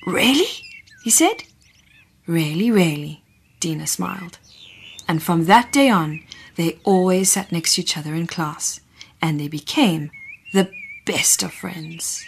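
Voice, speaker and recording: A woman with a fairly low voice reads a children's picture book aloud. She is gentle and expressive and paces the tale for young listeners. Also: measured pace, creaky, a little hiss or hum. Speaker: storyteller. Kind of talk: children's storybook reading.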